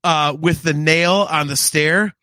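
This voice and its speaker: A man co-hosting a podcast, chatting excitedly about a film and acting out lines with laughs. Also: on the high side, slow, clear, resonant tone, dry recording. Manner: excited, laughing, acts out quotes. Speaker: podcast co-host. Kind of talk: casual film review chat.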